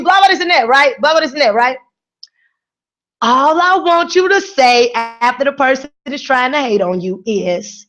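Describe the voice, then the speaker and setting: A woman hosting a radio show, giving energetic, playful motivational talk to her listeners. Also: high-pitched, a little fast. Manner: energetic, playful, preachy and encouraging.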